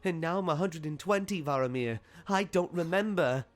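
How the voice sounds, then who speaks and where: A man voicing a frail, cowardly old elven man with a high, strained, quavering voice, over faint music. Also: normal speed, natural voice. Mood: pleading. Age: older.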